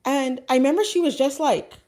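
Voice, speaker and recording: A woman's voice: high voice, a little fast, mellow. A woman telling a personal story in a casual, rambling way, with many fillers and restarts. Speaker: vlogger.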